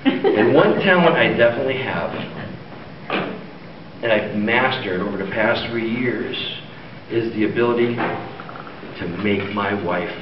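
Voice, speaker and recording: A man doing a stand-up comedy set in a church hall, telling a story and acting out the dialogue in high voices. The audience laughs. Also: expressive, unhurried, pauses often. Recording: distant, muffled, noisy recording in a roomy hall.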